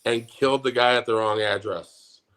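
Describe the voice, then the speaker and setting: A man's voice: mid-range voice, steady tone, normal speed, fairly bright tone. A middle-aged man co-hosting a podcast, ranting angrily and swearing constantly in casual chat. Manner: angry, profane ranting. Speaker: podcast co-host.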